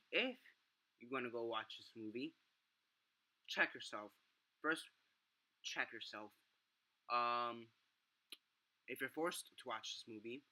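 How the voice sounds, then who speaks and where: A man's voice: mid-range voice, pushed and bright. A young man vlogging a film review, ranting in a profane, exasperated way with lots of fillers and restarts.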